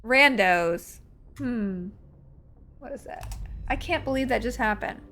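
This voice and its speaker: A woman in her forties chatting excitedly while playing a game live, with loud exclamations. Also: a little high, takes it slowly, faint music behind. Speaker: streamer. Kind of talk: live gameplay commentary.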